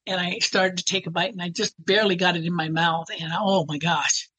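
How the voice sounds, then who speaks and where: A woman with a husky voice telling a personal story in a rambling way, full of fillers and restarts. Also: on the low side, fairly even intonation, brisk, pushed and bright, no room sound, poor audio. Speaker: interviewee.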